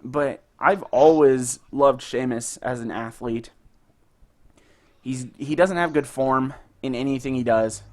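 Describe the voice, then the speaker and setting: A young man co-hosting a podcast, telling stories in a casual, excited and profane way. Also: mid-range voice, takes it slowly. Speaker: podcast co-host. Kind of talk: casual chat.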